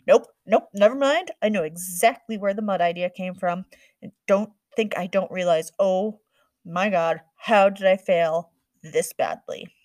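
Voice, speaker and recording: A woman's voice: lowish voice, steady tone, normal speed, darkish tone, no echo, studio quality, lightly acted. A woman reading the part of a worried, stern mother scolding her daughter, firm and exasperated.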